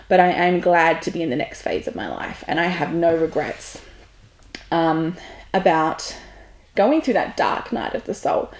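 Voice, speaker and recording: A woman's voice: fairly low pitch, a little mellow. Blunt, swearing woman. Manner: blunt, frank, swears freely. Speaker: podcast host. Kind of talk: candid monologue. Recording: roomy echo.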